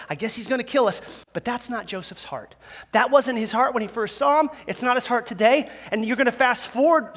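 A man preaching a sermon as a pastor in a church, conversational and animated, with self-deprecating humor. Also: very high-pitched. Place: church sanctuary with a live audience. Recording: long reverb of a large hall.

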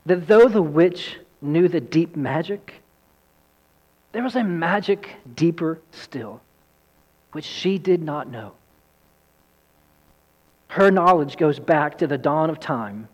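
Aslan, a man doing a hushed, solemn lion. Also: fairly high pitch, animated, slow pace, pauses often. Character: great wise male lion, calm and solemn. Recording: long hall reverb.

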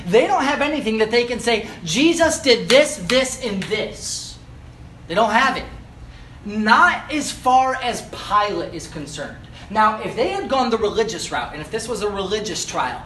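A man preaching a sermon, earnest and explanatory, slowing down to stress key phrases and building emphasis. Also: very high voice, fairly bright tone, a little hiss or hum.

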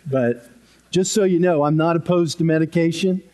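A man preaching a sermon in an unhurried, conversational way, with self-deprecating humor, at a podium microphone in a church. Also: fairly high pitch, warm tone. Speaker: pastor.

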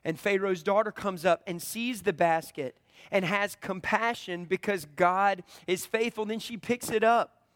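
A man's voice: high-pitched, measured pace, a bit bright, no room sound. A man preaching a sermon, retelling a scripture story with drama and voicing its characters.

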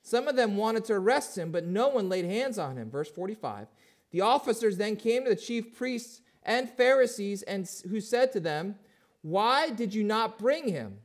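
High-voiced preacher, hushed to emphatic. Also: male voice, expressive, normal speed. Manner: asks the congregation questions, swings from hushed to emphatic. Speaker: pastor. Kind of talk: sermon.

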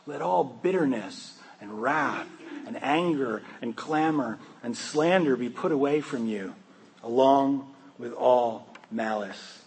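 A man's voice: mid-range voice, takes it slowly, a little mellow, poor audio. A man preaching a sermon in a conversational, joking way, often asking his listeners questions. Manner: conversational, humorous, asks the congregation questions. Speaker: pastor.

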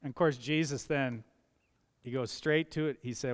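A man's voice: medium pitch, fairly even intonation, normal speed. A man preaching a sermon as pastor, talking conversationally with everyday stories and building emphasis on his key points. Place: church sanctuary. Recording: church livestream with long hall reverb.

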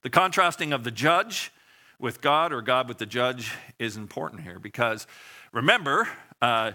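A man's voice: mid-range voice, animated, moderate pace, bright, forceful tone. A man preaching a sermon in a conversational way, asking the congregation questions and acting out short voices. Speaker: pastor.

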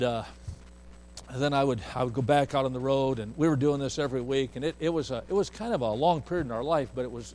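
A man's voice: medium pitch, darkish tone, a little hiss or hum, low-quality recording. A man preaching, telling a family story in a folksy way and acting out the voices of the people he quotes. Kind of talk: storytelling sermon.

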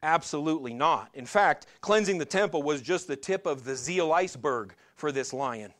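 A middle-aged male pastor giving a sermon in a conversational way, asking the congregation questions and slowing down to stress key lines. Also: a little high, lively intonation, fairly bright tone. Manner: conversational preaching with rhetorical questions and slowed emphatic lines.

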